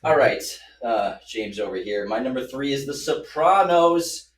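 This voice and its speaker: A man's voice: medium pitch, animated, measured pace. A man in his thirties hosting a podcast, talking casually and enthusiastically, laughing often. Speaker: podcast host. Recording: echoey room, distant mic, faint noise.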